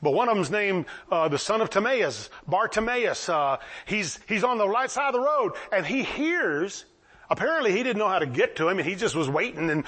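A man preaching a sermon, retelling stories with lively acted-out voices for the people in them. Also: high voice, normal speed, slightly rough. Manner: animated, acts out the people in the stories. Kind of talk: sermon, storytelling.

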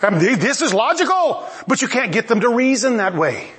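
A man preaching a sermon in an animated, emphatic way, with laughing asides. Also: very high voice, a little fast.

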